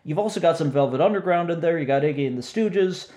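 Man, forties, slightly high-pitched, chatty, laughs a lot, casual podcast talk. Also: lively intonation, fast, darkish tone. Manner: chatty, self-correcting, laughs often. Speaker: podcast co-host. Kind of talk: casual chat about music.

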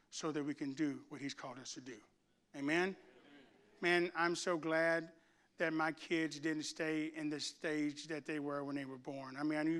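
A middle-aged pastor preaching to his congregation in a church, swinging from joking asides to loud, fervent preaching. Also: on the high side. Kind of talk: sermon. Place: church sanctuary before a congregation.

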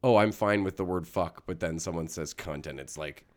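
A man hosting a podcast, chatting in a relaxed, musing way and swearing casually. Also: low-pitched, moderate pace, crowd noise. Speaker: podcast host. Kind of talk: casual chat.

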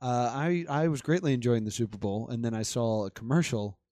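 A man's voice: medium pitch, a little fast, warm tone, dry recording. A young man casually chatting about movies as a podcast co-host, acting out his own reactions.

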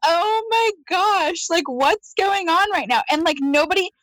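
High-pitched woman chatting, animated storyteller, laughs a lot, dry close sound. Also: a little slow, no room sound, low-quality recording. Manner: animated, laughs often, acts out her own quotes. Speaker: guest. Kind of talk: casual storytelling.

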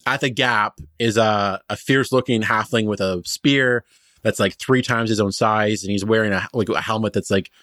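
Running a tabletop game, this male game master rambles through scene descriptions, filling them with fillers. He has a lowish, fairly bright voice, keeps his intonation fairly even, and moves at a moderate pace. The sound is clean studio audio with no room sound.

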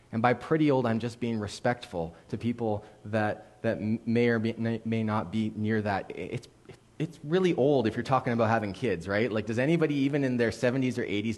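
A man preaching to a church congregation, telling a story with playful asides and quick shifts between joking and earnest appeal. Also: medium pitch. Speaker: pastor. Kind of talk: sermon. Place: church sanctuary.

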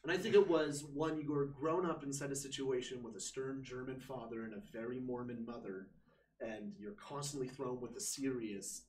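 A young American man telling lively stories in casual chat and acting out what people said. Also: mid-range voice, normal speed, slight background noise. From United States. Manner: animated, acts out quotes. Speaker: guest. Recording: roomy, distant mic.

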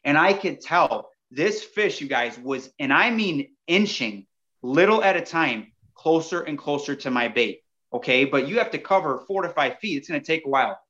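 A man, a podcast guest, telling a story in a casual, animated way and often addressing the listeners directly. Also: fairly high pitch, moderate pace, dull audio.

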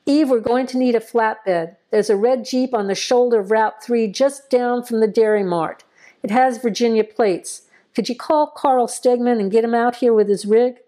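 A woman's voice: a little high, normal speed, mellow, lightly acted. A woman voicing a stern small-town male deputy. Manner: stern, curt. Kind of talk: audio horror story reading.

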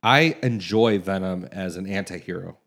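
A man's voice: sits low, normal speed, a bit bright. A man co-hosting a casual chat, opinionated and often talking over the others.

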